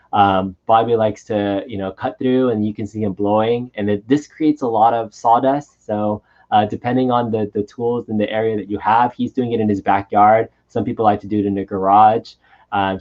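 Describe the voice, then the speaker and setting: Low-voiced man casually hosting a stream. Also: a little mellow, muffled recording. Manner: casual, rambling, many fillers. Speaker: stream host and moderator. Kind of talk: live stream commentary.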